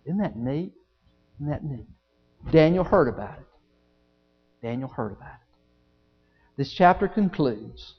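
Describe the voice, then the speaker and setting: A man preaching a sermon, telling folksy stories and acting out both sides of the dialogues. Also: medium pitch. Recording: dull lo-fi sound with long church reverb.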